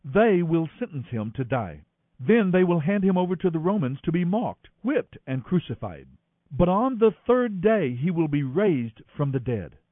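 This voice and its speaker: A man reading aloud, voicing a calm teacher who speaks in a measured, earnest way. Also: on the high side, no echo. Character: calm adult male teacher, patient and firm. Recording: dry, thin phone-like audio.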